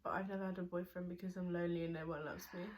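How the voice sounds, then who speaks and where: A woman's voice: on the low side, flat delivery, rapid-fire. A young woman as a guest in a casual vlog, chiming in with dry, self-deprecating remarks. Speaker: guest, best friend. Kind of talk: casual chat.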